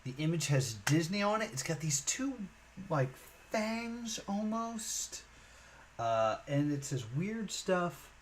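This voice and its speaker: A man's voice: a little high, big pitch swings, a little slow, slight background noise, rough recording. A man streaming a puzzle game, thinking aloud in a musing, hesitant way with many fillers.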